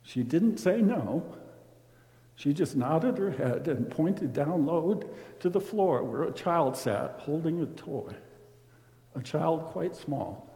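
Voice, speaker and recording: A man reading a rhyming story aloud, expressive and dramatic. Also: a little high, slow pace. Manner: expressive, dramatic swings in loudness. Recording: roomy with long reverb.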